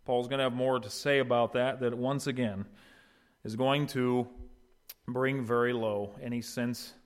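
A male pastor delivering a sermon, his voice at a middle pitch. He swings often between hushed, low stretches and loud, raised ones, acting out the voices he quotes. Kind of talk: expository sermon.

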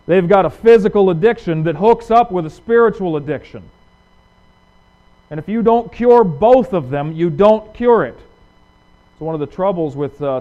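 A male pastor preaching a sermon, asking rhetorical questions and swinging from loud emphasis to hushed lines. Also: on the high side. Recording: dull lo-fi recording.

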